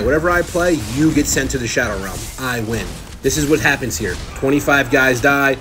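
A man's voice: mid-range voice, a little fast, few pauses, noisy background. A young man boasting and trash-talking over gameplay as a gaming channel host, in a mock-arrogant way. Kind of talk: gameplay commentary.

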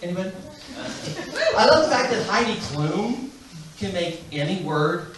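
Animated man doing stand-up in an echoey club. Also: high voice, moderate pace. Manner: animated, chuckling storyteller. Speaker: stand-up comedian. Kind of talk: stand-up comedy set. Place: comedy club stage. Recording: echoey club from far off with noise.

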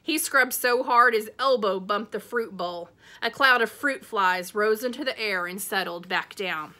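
Bright-voiced woman reading a chapter book. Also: medium pitch, unhurried. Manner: expressive storytelling. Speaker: teacher.

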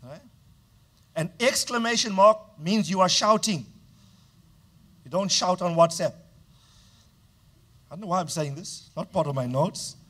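A man's voice: sits high, a little slow, long pauses, sharp tone. A male pastor preaching a sermon with emphatic delivery, often stopping to prompt the congregation to answer back. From South Africa.

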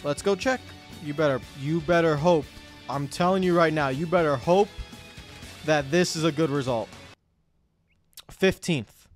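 A young man commenting on his own racing game play, muttering to himself and yelling when things go wrong. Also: fairly high pitch, moderate pace, soft background music. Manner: excitable, yells when wrecked, mutters to himself. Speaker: gaming YouTuber.

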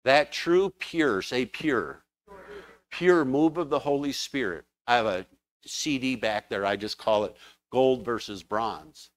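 A man preaching a sermon in a church, telling stories with fervent, animated exclamations. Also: medium pitch, slow pace.

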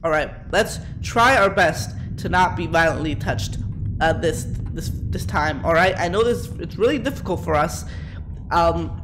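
A man with a high-pitched voice narrates his horror game live, joking crudely and rambling at his chat. A faint layer of noise sits under the recording. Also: animated, measured pace. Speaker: streamer. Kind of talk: live gameplay commentary.

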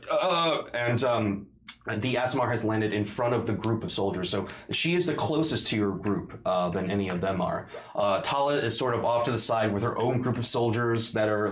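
A man's voice: medium pitch, reverberant. A man running a tabletop game as game master, laughing often and talking with many fillers.

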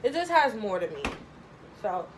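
A woman's voice: mid-range voice, big pitch swings, normal speed, noisy background. A young woman talking through a casual home cooking tutorial, chatty and rambling, thinking aloud with lots of fillers. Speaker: home cook vlogger. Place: home kitchen.

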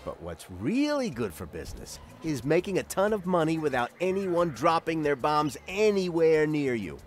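An actor playing a smooth-talking, money-minded male business adviser in a strategy game, using salesman patter and wordplay. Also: a little high, big pitch swings, moderate pace, soft background music. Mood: slick.

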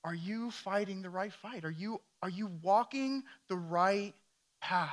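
A man's voice: high voice, measured pace. A man preaching a sermon as a pastor, emphatic and firing questions at his congregation.

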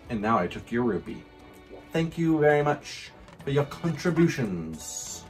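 A man hosting a let's-play video, commenting on his game to himself with frequent whoops, laughs and excited exclamations. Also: on the high side, unhurried, soft background music. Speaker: gaming channel host.

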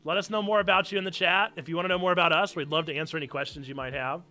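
A man's voice: fairly high pitch, steady tone, very fast, sharp tone. A young man hosting a casual live stream, playfully reading from a book he wrote as a child and joking with his chat. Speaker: streamer and church host. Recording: faint piano music behind.

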